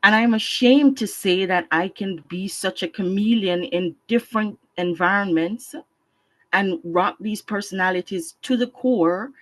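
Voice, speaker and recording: A woman's voice: medium pitch, poor audio. A woman on a video call sharing a personal story with a group, acting out inner voices and laughing often. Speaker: discussion group participant.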